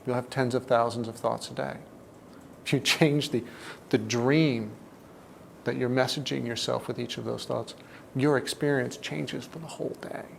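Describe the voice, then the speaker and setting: A man giving a reflective self-help talk, deliberate and often dropping to a soft, low tone. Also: fairly even intonation, gravelly, slight background noise.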